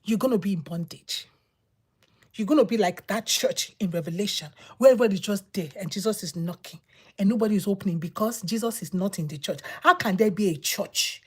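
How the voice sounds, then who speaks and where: A woman giving a personal testimony as a sermon, telling her story with repetition and dramatic pauses. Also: medium pitch, a little mellow, breathy edge. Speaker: preacher.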